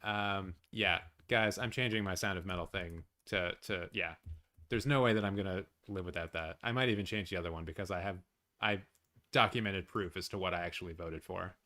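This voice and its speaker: A man hosting a live watch-along stream, chatting casually with his viewers, swearing often and reacting loudly. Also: deep voice, a little fast. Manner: excitable, swears a lot, talks to chat.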